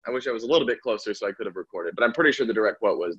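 Husky man in a muffled sports chat. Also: on the low side, animated, a bit bright. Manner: chuckles often, halting with fillers. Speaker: podcast co-host, pitchside reporter.

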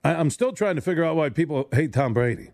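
Male sports radio host, slightly high-pitched, dry close studio mic, sarcastic rambling solo talk. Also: animated, fast, a little mellow, no echo. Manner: rambling, sarcastic, stumbling restarts. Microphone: studio microphone.

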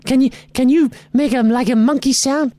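A woman's voice: high voice, fairly even intonation, moderate pace, warm tone. A woman making a radio prank call in a flirty, teasing way, giving playful orders.

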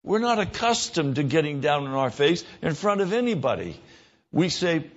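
A man preaching a sermon in an earnest voice, his pitch rising when he stresses a point or acts out a quick exchange. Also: sing-song, dull audio. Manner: earnest, rises in pitch for emphasis and mimicked dialogue.

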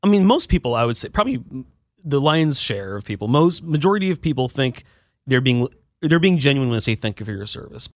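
A man's voice: mid-range voice, very animated, brisk, dry recording, clean studio sound. A man, an Army veteran in his thirties, chatting casually and rambling with many fillers and restarts. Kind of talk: casual conversational storytelling.

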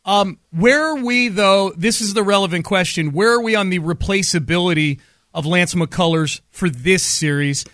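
A man hosts sports talk radio in a brisk, analytical way. His voice sits high and sounds bright, and the studio sound is close and dry. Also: dry recording.

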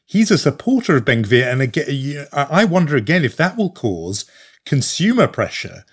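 A man's voice: a little high, very animated, moderate pace, breathy edge. British man hosting a news podcast. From Britain. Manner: thoughtful, hesitant, many fillers and restarts. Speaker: podcast host. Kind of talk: conversational news discussion.

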